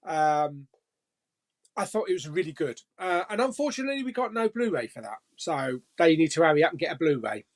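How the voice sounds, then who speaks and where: A man's voice: on the high side, very animated, brisk. A man hosting a casual live chat stream and reading viewer comments, jokey, laughing often and swearing casually.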